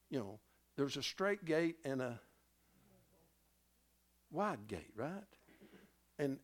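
A man teaching a Bible class in a loose, conversational way, often stopping to quiz his listeners and restarting his sentences. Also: a little high. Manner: animated, self-interrupting, asks the class questions.

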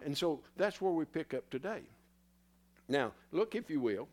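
A man's voice: a little high, expressive, normal speed, darkish tone. A man preaching a sermon in a church in a folksy, teasing way, somewhat out of breath. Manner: folksy, teasing the congregation, spells words letter by letter.

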